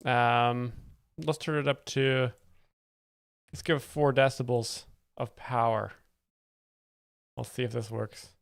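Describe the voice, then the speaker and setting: A man with a gravelly, creaky voice hosts a live stream from home, rambling and explaining jokes with dry, mock-serious commentary. His desk mic sounds close and dry, with no room echo. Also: mid-range voice, fairly even intonation, slow, pauses often. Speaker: livestream host.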